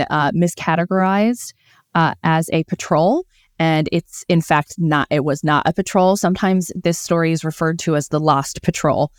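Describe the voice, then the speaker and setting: A woman's voice: low-pitched, darkish tone, clear, resonant tone, no room sound, clean studio sound. A woman co-hosting a casual podcast, telling a history mystery in a chatty way with many fillers and small restarts. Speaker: podcast co-host.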